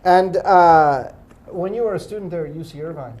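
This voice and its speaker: A man's voice: a little high, normal speed, darkish tone. A man hosting a comedy game show, questioning his guests in a dry, wry way.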